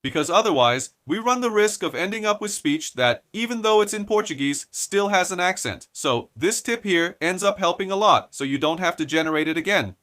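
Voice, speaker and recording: A man from Brazil guides viewers through a tech tutorial one click at a time. His voice sits a little high and rings bright. The sound is dry and close, with no room around it. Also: expressive, fairly quick, hardly any pauses, dry recording. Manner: step-by-step explaining, addresses viewers as guys. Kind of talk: screen-recorded software tutorial.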